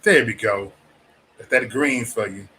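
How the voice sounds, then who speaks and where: A man's voice: on the low side, measured pace, sharp tone, breathy edge. Loose, profane man hosting a livestream. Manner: loose, profane, laughing often, mimics others in raised voice. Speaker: livestream host. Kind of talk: casual livestream chat.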